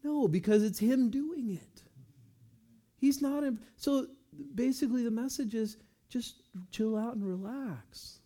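A man preaching a sermon, talking in a relaxed, conversational way and reading scripture slowly. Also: very high-pitched. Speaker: pastor.

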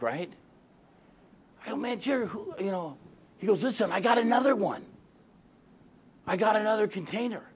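A man's voice: high voice, darkish tone, breathy edge. A middle-aged male pastor telling a story in a sermon, acting out both sides of the conversations and laughing often.

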